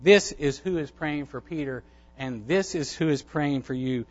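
A man's voice: fairly high pitch, moderate pace, highs cut off. A man preaching a sermon as a pastor, emphatic and repeating phrases for stress.

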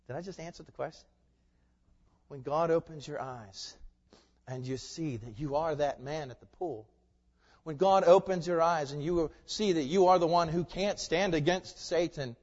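A male pastor preaching a sermon, moving from quiet, conversational asides to loud, forceful proclamation. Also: fairly high pitch, moderate pace. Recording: muffled sound with long hall reverb.

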